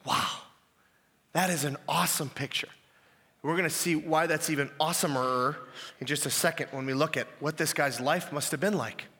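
A male pastor preaching a sermon, animated and emphatic, often repeating key phrases. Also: fairly high pitch, moderate pace, in a large hall.

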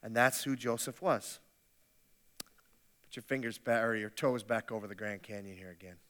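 A man's voice: on the low side, normal speed, fairly bright tone. A male pastor giving a sermon in a conversational, humorous way, often restarting his sentences. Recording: long hall reverb.

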